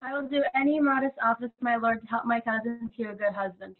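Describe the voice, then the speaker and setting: A teenage girl playing a gentle, modest young noble lady in a Shakespeare school play, speaking demurely. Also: a little high, quick pace, natural voice. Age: late teens. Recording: tinny video-call line.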